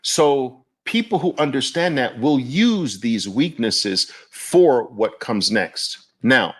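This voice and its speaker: A man hosting market commentary, animated and exclamatory, with an incredulous edge. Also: medium pitch, slow pace, slightly rough. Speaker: host.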